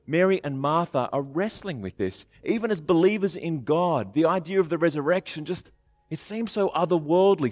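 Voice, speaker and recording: Male preacher, higher voice, chatty and animated, dry close sound. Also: dry recording. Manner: conversational and animated, acting out quoted speakers. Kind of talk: sermon.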